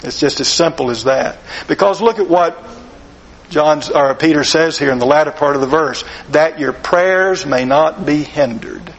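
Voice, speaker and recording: A man preaching a sermon, slow and deliberate, earnest, asking rhetorical questions of his listeners. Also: fairly high pitch, muffled recording.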